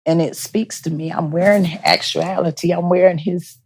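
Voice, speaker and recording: A woman speaking as an interview guest, giving personal testimony as a bereaved mother, soft-spoken and halting, often repeating her words. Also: fairly low pitch, fairly even intonation, breathy edge.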